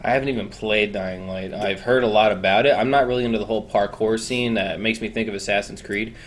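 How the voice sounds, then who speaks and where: A man with a lowish, grounded voice talks through his gaming opinions on a casual podcast. He rambles easily, filling pauses with "uh" and starting his sentences over. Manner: relaxed, rambling, lots of "uh" and repeats. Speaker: podcast co-host.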